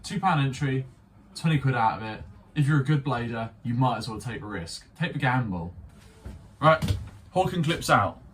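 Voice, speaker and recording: A man's voice: mid-range voice, expressive, normal speed, fairly bright tone, far from the mic, a little hiss or hum. A young man rambling through an unscripted toy review, swearing and poking fun at himself. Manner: rambling, sweary, self-mocking. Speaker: vlogger reviewing a spinning top toy.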